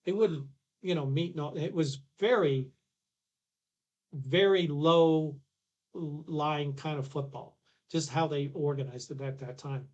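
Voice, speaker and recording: A man's voice: on the high side, slow, muffled recording. A man, a podcast guest telling a long anecdote with restarts and acted-out dialogue. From Canada. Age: 60s. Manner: rambling anecdotes with restarts, acts out quoted dialogue. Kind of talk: casual storytelling.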